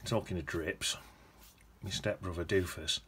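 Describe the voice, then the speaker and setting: Chatty low-voiced man. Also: steady tone, unhurried, sharp tone, a little hiss or hum. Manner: chatty, rambling, hums to himself while painting. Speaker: watercolour painting teacher. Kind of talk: casual painting demonstration.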